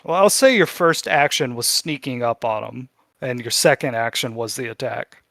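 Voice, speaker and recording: A man's voice: mid-range voice, normal speed, creaky, a bit bright, dry recording, clean studio sound. A man running a tabletop game as game master, narrating in a casual style and swearing freely.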